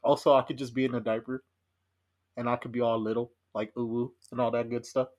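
A man's voice: mid-range voice, level tone, a little fast, darkish tone, a little hiss or hum. A young man in casual podcast chat, sharing anecdotes in an easygoing way. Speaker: podcast co-host.

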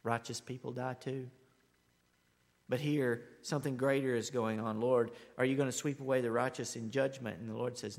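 A man preaching a sermon, earnest, swinging from loud bold declarations to hushed asides. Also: mid-range voice, steady tone, normal speed, gravelly. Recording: long hall reverb.

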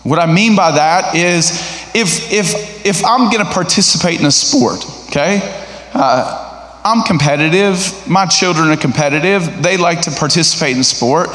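A middle-aged man preaching a sermon in a church sanctuary, his voice sitting a little higher than most men's. He talks in a lively, conversational way and puts questions to the congregation. The sound carries a long, roomy hall reverb from the stage mic. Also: normal speed. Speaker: guest preacher.

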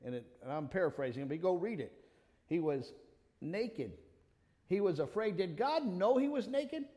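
A man preaching a sermon, animated, calling on members of the congregation by name and quoting scripture. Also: sits high, normal speed. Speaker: pastor. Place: church. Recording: long reverb of a church hall.

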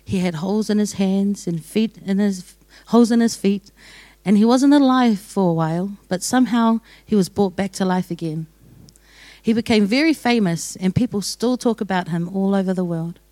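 A humble old carpenter in a told joke, earnest and gentle, as a woman puts him on, close and dry with no room sound. The voice stays near her own middle pitch. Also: normal speed, no room sound, natural voice. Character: humble old male carpenter at heaven's gate.

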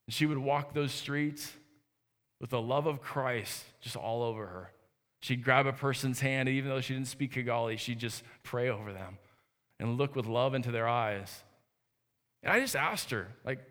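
This pastor, a man in his thirties, delivers a sincere, conversational sermon with restarts in an echoing church sanctuary. He speaks at normal speed in a medium-pitched, fairly bright voice.

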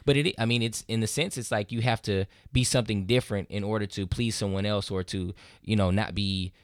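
A man's voice: on the low side, fairly quick, no echo, clean studio sound. A man co-hosting a podcast, chatting casually and retelling stories with lots of fillers. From United States. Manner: conversational, animated when retelling stories, frequent fillers. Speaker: podcast co-host. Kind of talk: casual discussion.

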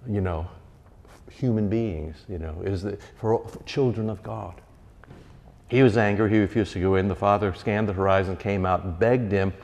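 A man giving a sermon as a pastor, animated and conversational, with wry asides. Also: fairly low pitch. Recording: reverberant church hall.

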